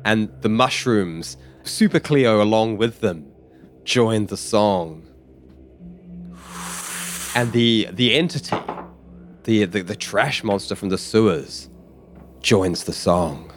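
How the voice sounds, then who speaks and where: Low-voiced male game master. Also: slight background noise. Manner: measured descriptive narration with restarts. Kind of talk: narrating a tabletop game.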